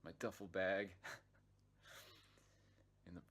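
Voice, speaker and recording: A man with a low voice tells a personal story in loose, unscripted narration. He swears often, loses his thread, and restarts his sentences. His delivery stays casual and conversational throughout. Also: little pitch movement, very slow, fairly bright tone. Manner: rambling, swears freely, many restarts and fillers. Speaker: vlog narrator.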